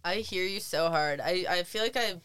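A woman's voice: fairly low pitch, normal speed, a bit bright, clean tone, dry recording. A young woman co-hosting a podcast in casual chat, teasing her friend, laughing often and rambling with lots of fillers. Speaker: podcast co-host.

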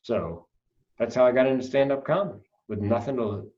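Man, animated storyteller, muffled distant mic. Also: medium pitch, fairly quick. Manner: animated storyteller, acts out voices. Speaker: podcast guest, comedian. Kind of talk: casual storytelling interview.

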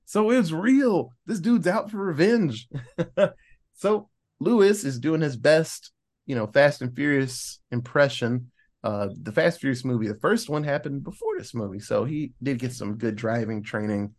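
A man's voice: medium pitch, measured pace. A man casually recapping a movie plot on a podcast, acting out the characters' lines as he goes. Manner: animated storyteller, acts out characters' lines. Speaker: podcast host.

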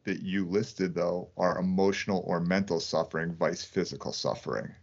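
A man co-hosting a casual podcast, working through his ideas out loud and checking in with his partner as he goes. His voice is low-pitched. The sound is muffled and lo-fi. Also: normal speed, vocal fry. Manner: thinks aloud, often adds "like" and "right?". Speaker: podcast co-host. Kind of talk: casual conversation.

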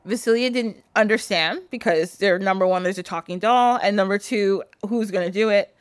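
A woman's voice: medium pitch, moderate pace, smooth, no room sound. Chatty woman retelling a folk tale. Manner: animated retelling with frequent laughs and "like". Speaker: podcast host. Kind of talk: casual storytelling chat.

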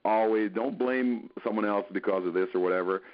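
Male actor, podcast guest, low voice, earnest, encouraging, muffled lo-fi recording. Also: fairly quick. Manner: earnest, encouraging, thinks aloud. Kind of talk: casual podcast interview. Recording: dull lo-fi podcast audio.

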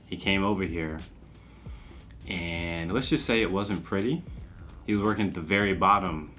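A man's voice: low-pitched, normal speed, sharp tone, soft background music. A young man co-hosting a casual podcast, talking in a laid-back, rambling way and laughing at his own slips. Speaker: podcast co-host.

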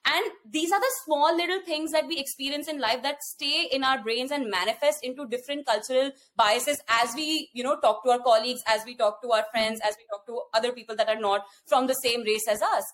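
A woman with an Indian accent, co-hosting a podcast and telling a personal story in animated casual chat. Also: sits high, brisk, few pauses, a little hiss or hum. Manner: animated storytelling with frequent fillers and restarts. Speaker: podcast co-host.

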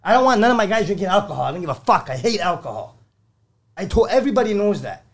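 High-voiced animated storytelling man. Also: fast. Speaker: construction company owner. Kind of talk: casual podcast chat.

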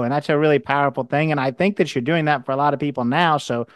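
A male podcast host asks earnest, winding questions, stumbling and repeating words as he begins them. His voice is smooth and resonant, set a little high for a man, and recorded dry and close. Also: fast talker, no echo. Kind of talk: interview questions, casual.

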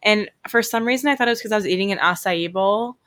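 A woman's voice: mid-range voice, fast, fairly bright tone. A young woman co-hosting a podcast, chatting casually and rambling through stories with lots of fillers and laughter. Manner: rambling storyteller, many fillers, often laughing. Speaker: podcast co-host. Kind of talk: casual chat. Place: Hawaii.

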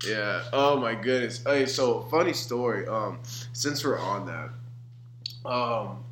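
A man's voice: medium pitch, takes it slowly, reverberant, slight background noise. A man on a podcast, reacting with exclamations and launching into his own stories. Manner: exclaims and reacts, lively delivery. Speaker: podcast co-host. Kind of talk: casual banter.

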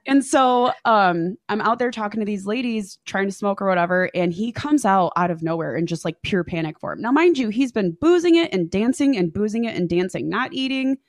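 A woman's voice: mid-range voice, brisk, hardly any pauses, dry recording, studio quality. Swearing woman telling a wild story. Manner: animated, swears freely, acts out quotes. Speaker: podcast guest. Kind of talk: casual storytelling chat.

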